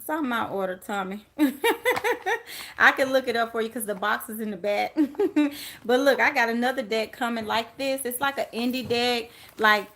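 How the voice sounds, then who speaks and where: A chatty woman runs a live tarot reading and talks to her viewers by name. Her voice sits a little high, and she laughs easily as she rambles between cards. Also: a bit bright. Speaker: tarot reader.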